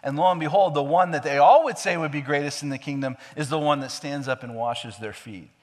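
A man preaching a sermon with emphatic repetition, swinging between hushed, low passages and loud, raised stretches. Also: brisk. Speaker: pastor. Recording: long hall reverb.

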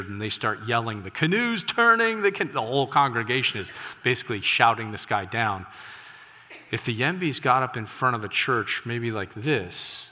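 A man preaching a sermon, a missionary telling stories from the field, animated and breaking into loud exclamations, recorded in a church sanctuary. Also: fairly low pitch. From United States. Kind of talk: sermon with storytelling. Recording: reverberant church hall.

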